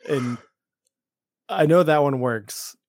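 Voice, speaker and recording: A man hosting a casual podcast chat, animated and laughing, with the hiccups. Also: slow pace, vocal fry, no room sound, studio quality. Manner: animated, laughing, mimics characters in high voices. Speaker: podcast host.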